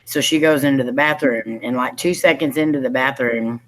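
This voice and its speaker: A woman's voice: extremely low pitch, fairly quick, low-quality recording. A woman in casual chat, telling a story with easy laughter.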